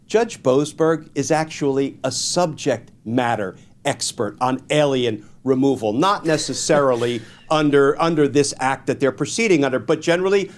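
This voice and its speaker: A man giving measured, explanatory legal commentary as a guest on a political talk show, stressing key points. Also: mid-range voice.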